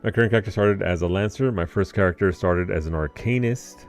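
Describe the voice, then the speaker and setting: Deep-voiced man chatting over gameplay. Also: soft background music. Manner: rambling, with filler pauses. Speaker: game streamer. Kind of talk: casual gameplay commentary.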